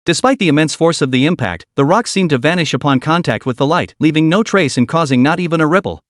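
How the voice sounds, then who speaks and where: A man's voice: a little high, fast, no echo, clean studio sound. A man narrating a comic recap with dramatic storytelling.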